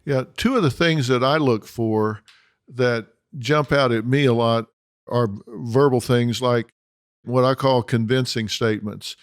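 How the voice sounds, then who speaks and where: Smooth, dry-voiced male talk show host. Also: mid-range voice, unhurried, no room sound. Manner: probing, asks for concrete examples. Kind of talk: studio panel discussion.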